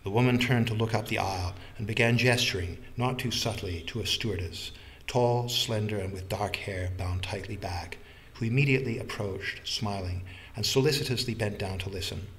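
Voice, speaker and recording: A man reading a novel aloud as an audiobook narrator, in an even, literary manner. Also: on the low side, normal speed, a little hiss or hum. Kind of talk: scripted narration.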